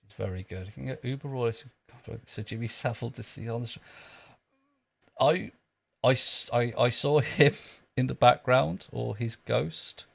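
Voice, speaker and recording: Man, gravelly voice, dry sardonic jokes, casual streamer chat. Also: mid-range voice, normal speed. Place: outdoors in a long queue.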